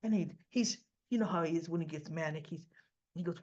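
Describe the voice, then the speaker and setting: A woman's voice: low-pitched, fairly quick, darkish tone, highs cut off. A woman casually recapping a soap opera episode, retelling scenes in a chatty way with frequent restarts and asides.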